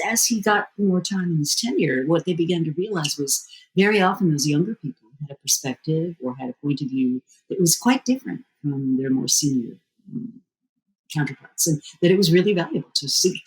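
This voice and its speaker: A woman being interviewed as a strategy expert, answering fluently and at length, with lively jumps in pitch. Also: a little fast, low-quality recording. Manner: fluent and explanatory, with sudden lively rises in pitch.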